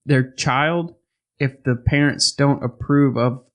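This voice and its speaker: A man's voice: mid-range voice, slow. A man hosting a podcast, joking and wisecracking in casual chat.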